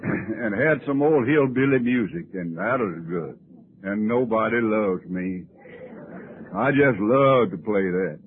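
A man telling his personal story at a recovery meeting in a folksy, wry, self-mocking way. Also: mid-range voice. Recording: muffled lo-fi old tape, faint hiss.

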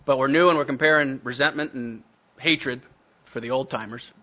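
A man's voice: medium pitch, normal speed, sharp tone, muffled recording. A man telling his recovery story to a meeting, blunt and self-mocking. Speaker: speaker sharing recovery story.

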